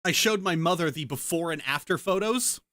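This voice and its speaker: A woman's voice: lowish voice, a little fast, a bit bright, no echo, studio quality. A woman streamer in casual chat, ranting heatedly and swearing a lot.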